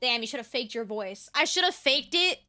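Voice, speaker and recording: A woman streamer chatting with her viewers in a fairly high, very bright voice. She projects from the diaphragm and puts lots of inflection into her talk, though her throat is sore. Soft music plays underneath. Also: lively intonation, fairly quick. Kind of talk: casual chat with viewers.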